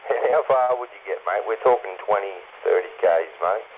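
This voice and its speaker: A man's voice: fairly low pitch, brisk. A man with an Australian accent bantering over CB radio, teasing the others and swearing crudely. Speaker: CB radio caller. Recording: tinny CB radio with hiss.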